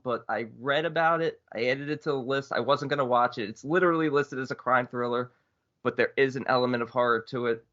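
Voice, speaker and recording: A man with a bright, forceful voice hosts a casual horror podcast. He is excitable and swears freely. The audio is a little dull and lo-fi. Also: medium pitch. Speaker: podcast co-host. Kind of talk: casual chat.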